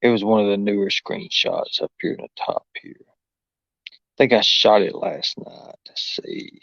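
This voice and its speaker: A man's voice: lowish voice, huge pitch swings, normal speed, gravelly, fairly bright tone, no room sound. A middle-aged man, hosting a livestream in a rambling, folksy, exclaiming way. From Kentucky. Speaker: livestream host. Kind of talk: casual livestream talk. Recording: muffled dull audio.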